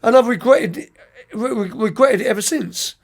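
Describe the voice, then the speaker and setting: A middle-aged man, a youth soccer coach, telling lively, rambling stories as a podcast guest, often restarting and repeating words. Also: extremely high pitch, normal speed, vocal fry. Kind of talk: anecdotal storytelling in an interview.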